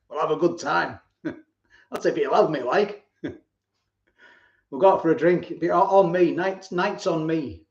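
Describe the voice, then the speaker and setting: A man in his forties hosting a live stream. He tells stories in a rambling way, repeats words and often chuckles. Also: fairly high pitch. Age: 40s. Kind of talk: casual live-stream chat and storytelling. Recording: roomy, dull lo-fi home stream.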